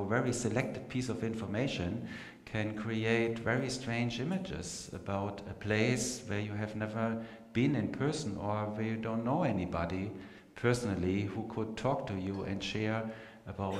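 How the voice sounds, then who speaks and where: A man with a German accent giving an unhurried live talk to an audience, pausing often with fillers. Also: on the low side. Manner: unhurried, hesitant with many fillers. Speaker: meditation teacher giving a talk. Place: meeting room with a live audience. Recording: echoey hall, faint noise.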